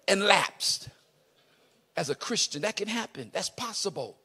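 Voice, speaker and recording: A man preaching a sermon in an impassioned way, rising to shouts with a sing-song cadence. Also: high-pitched, very animated, a little slow, husky.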